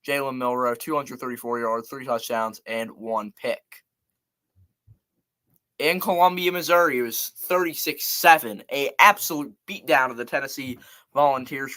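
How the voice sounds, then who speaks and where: A man's voice: mid-range voice, steady tone, normal speed, sharp tone. A man hosting a casual live college football show, chatting loosely and reeling off scores and stats. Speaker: sports show host.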